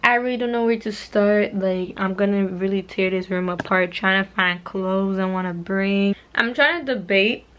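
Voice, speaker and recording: Young woman, casual vlog chat, rambling, talks to viewers, mid pitch, faint background noise. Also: normal speed, few pauses, a bit bright, highs cut off. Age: young adult. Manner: chatty and rambling, addresses viewers as y'all. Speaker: vlogger.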